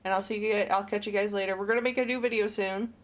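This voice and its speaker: A woman's voice: mid-range voice, fairly even intonation, fast. A woman co-hosting a game stream, chatting casually and telling stories with frequent giggles. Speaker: gaming streamer co-host. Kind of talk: casual chat while playing a game.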